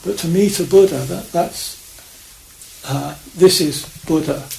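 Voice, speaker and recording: Man, Zen priest, Dharma talk, halting and reflective, gravelly voice, echoey hall. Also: fairly high pitch, darkish tone. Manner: halting, many restarts and fillers, reflective. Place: meditation hall of a priory. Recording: echoey room with faint hiss.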